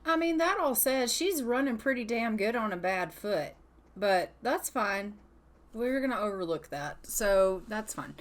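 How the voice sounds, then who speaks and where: A young woman talks through her Sims gameplay as a YouTuber, relaxed and chatty, cursing freely and putting on a voice for her character. Her mid-range voice is animated, and she keeps a measured pace.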